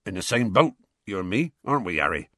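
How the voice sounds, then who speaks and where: A man reading an audiobook, voicing a huge, gruff, gloomy half-giant who talks slowly and broods. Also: lowish voice, sing-song, bright, forceful tone, no room sound, clean studio sound, heavily acted. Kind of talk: audiobook character voice.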